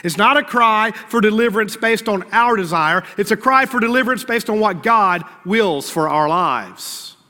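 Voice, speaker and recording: A man's voice: high voice, lively intonation, normal speed, few pauses, sharp tone, in a large hall. A male pastor delivering a sermon in a conversational style, acting out prayers and playful asides.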